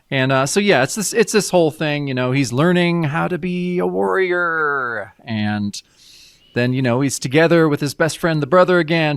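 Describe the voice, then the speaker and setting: A man in casual podcast chat, his pitch leaping up and down as he retells a comic and slips into quick character voices. His voice sits a little high and sounds dry and close to the mic, with no room around it. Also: smooth, dry recording. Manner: animated, acts out dialogue in character voices. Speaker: podcast co-host.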